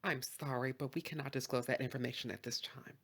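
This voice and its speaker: A woman's voice: very deep voice, steady tone, fast, noisy background, voice pushed down. A woman playing a snooty restaurant hostess, speaking with a fake French accent in a polite, evasive way.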